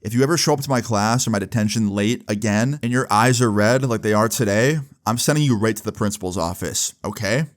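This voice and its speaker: A man's voice: on the low side, a little fast, few pauses, close to an everyday voice. A man voicing a stern, sarcastic male teacher scolding a student.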